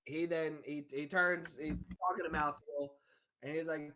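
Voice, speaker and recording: A woman's voice: sits low, steady tone, a little slow, a bit bright, a little hiss or hum. A woman narrating a tabletop game as game master.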